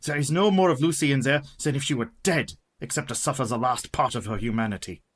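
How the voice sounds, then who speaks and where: A resolute, learned vampire hunter , played by a man in a radio play. His voice is husky and commanding, the voice of a man used to giving orders. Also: medium pitch, fast talker, natural voice. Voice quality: husky, authoritative.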